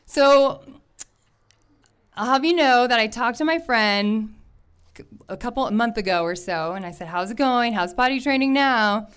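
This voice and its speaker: A woman telling a personal story to an audience in an animated way, laughing often and acting out the voices of the people in it. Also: on the high side, a little slow, long pauses, clear, resonant tone. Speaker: storyteller at a live event.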